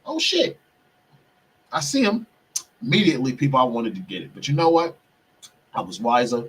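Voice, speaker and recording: Husky-voiced man telling a heated story. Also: mid-range voice, big pitch swings, brisk. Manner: profane, keeps addressing listeners as "people". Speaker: podcast host. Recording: distant mic, husky sound.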